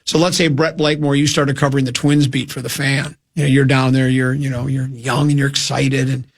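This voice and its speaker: A man's voice: medium pitch, steady tone, a little fast, gravelly, few pauses, husky. A middle-aged man hosting sports talk radio, telling a rambling story full of restarts. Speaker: radio host.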